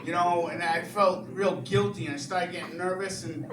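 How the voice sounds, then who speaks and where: A young stand-up comic, his voice sitting fairly high as he rants and chats with the room. He is miked from a distance in an echoey comedy club. Roaring crowd laughter fills the background. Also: normal speed. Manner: chatty, animated rants, frequent "you know".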